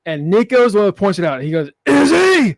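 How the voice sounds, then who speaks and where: High-voiced man joking about wrestling. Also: animated, fast, a little mellow, dry recording. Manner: joking, swears freely, acts out wrestlers' lines in quotes. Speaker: podcast co-host. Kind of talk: casual wrestling chat.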